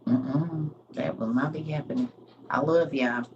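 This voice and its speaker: A woman's voice: sits low, a little slow, a little mellow, lo-fi sound, slight background noise. Chatty woman live-streaming. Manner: laughing, chatty, reads and answers comments by name. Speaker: livestream host. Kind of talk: casual livestream chat with viewers.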